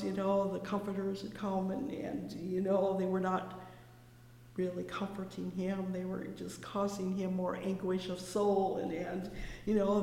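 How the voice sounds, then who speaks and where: A woman preaching a fervent sermon, reading scripture slowly and solemnly, often breaking in with "oh, yes.". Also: medium pitch, mellow. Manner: fervent, many "oh, yes" interjections. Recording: echoey hall, faint room noise.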